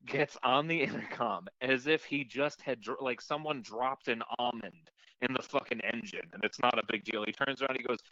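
A man co-hosting a casual podcast chat tells his story with animated energy, swearing freely and slipping into the voices of the people in it. His voice is bright and forceful, recorded close and dry with a slightly dull, lo-fi tone. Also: mid-range voice, moderate pace, no echo. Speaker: podcast co-host.

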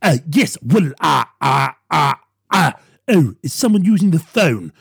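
A man doing an impression of a bumbling older male politician, stammering with constant drawn-out ums and ahs. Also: a little high, sing-song, gravelly, husky, no room sound, studio quality, exaggerated voice. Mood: dithering.

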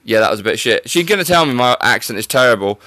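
A man's voice: medium pitch, animated, fast, bright, forceful tone, no room sound. A young man hosting a podcast in casual chat, joking and teasing his guest, often poking fun at himself. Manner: joking, self-mocking, teasing. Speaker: podcast host.

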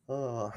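A man's voice: a little mellow, lo-fi sound. A young man hosting a casual gaming podcast, nervous and laughing often at himself. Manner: nervous, laughing, self-deprecating. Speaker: podcast host.

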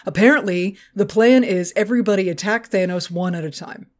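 A woman's voice: medium pitch, brisk. A woman co-hosting a podcast, recapping a comic book in a crude, sarcastic, playful way. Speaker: podcast co-host.

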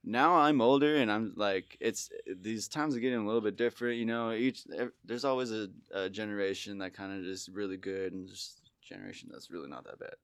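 Low-voiced, laid-back guest man. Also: a little fast, hardly any pauses, clear, resonant tone, no echo. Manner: laid-back, easygoing storytelling. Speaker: guest, musician. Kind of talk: casual podcast chat. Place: podcast studio.

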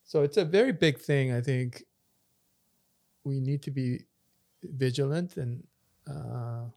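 A man's voice: medium pitch, slow, creaky, mellow. A man, a pastor co-hosting a podcast, telling stories in a loose, rambling way with many fillers and restarts. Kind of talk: casual chat.

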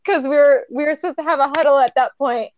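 A woman's voice: sits high, quick pace, darkish tone, lo-fi sound. A young adult woman co-hosting a podcast in casual chat, talking candidly, swearing freely and laughing often. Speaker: podcast co-host.

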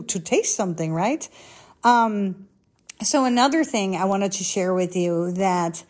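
A woman talks to the camera in a loose, confessional way and keeps jumping from one personal story to the next. She speaks at a mid pitch, sounds candid and chatty, and acts out the people she quotes as she goes. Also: a little mellow. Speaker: social media coach. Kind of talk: confessional casual chat.

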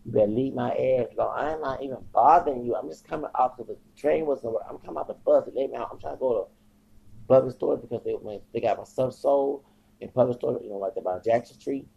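A man's voice: mid-range voice, fast talker, vocal fry, dark tone, husky. A man hosting a podcast, talking in a rambling, agitated monologue full of swearing and repetition. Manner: agitated, profane, repeats himself. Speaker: podcast host. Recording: dull lo-fi recording.

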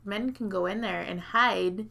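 A woman with a bright, edgy voice and a gravelly fry at the ends of her phrases tells a long, meandering story in casual chat. She leans on fillers and swears freely. When she quotes people, she leaps up into high, loud voices. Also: unhurried. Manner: rambling, profane, heavy filler words.

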